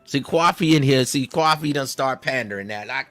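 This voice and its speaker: A man riffs over clips in satirical commentary, leaning on slang and a drawl. He circles back on "see" and stumbles through restarts at a middle pitch. Faint music sits behind him. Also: moderate pace, pushed and bright, no room sound. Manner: rambling, repeats "see" and stutters on restarts. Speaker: host reacting to clips.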